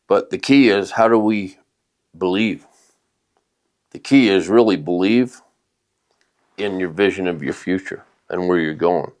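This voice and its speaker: A man co-hosting a self-help podcast, giving motivational advice straight to his listeners. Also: deep voice. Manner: coaching, speaks straight to listeners. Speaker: podcast co-host and life coach. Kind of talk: motivational talk.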